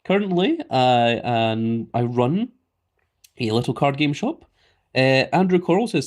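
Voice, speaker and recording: A man's voice: medium pitch, expressive, measured pace, faint music behind. A Scottish man live streaming in a casual way, reading viewer comments aloud and chatting back. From Scotland.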